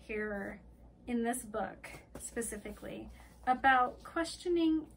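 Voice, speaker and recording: High-voiced woman chatting casually. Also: slow, creaky, slight background noise. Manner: animated retelling with acted-out quotes and laughter. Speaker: podcast co-host. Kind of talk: casual book-recap chat.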